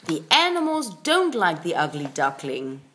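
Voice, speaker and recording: A woman narrating a children's story in slow, simple, expressive sentences for young learners. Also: on the low side, slight background noise.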